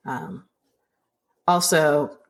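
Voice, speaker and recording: Woman co-host, low voice, thoughtful and supportive in conversation. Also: very slow. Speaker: podcast co-host. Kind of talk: casual chat.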